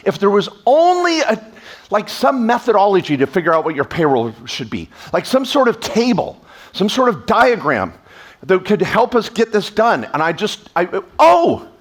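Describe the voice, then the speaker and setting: A man speaking as a tax attorney at a live event, energetic and sarcastic, slipping into quoted voices, on a stage microphone. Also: high-pitched. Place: event stage before an audience.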